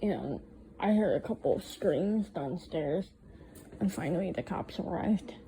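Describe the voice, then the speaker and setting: A woman's voice: lowish voice, lively intonation, unhurried, mellow, slight background noise, poor audio. A young woman casually recounting a night from her own life, blunt and swearing freely. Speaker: storyteller. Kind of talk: casual first-person storytelling.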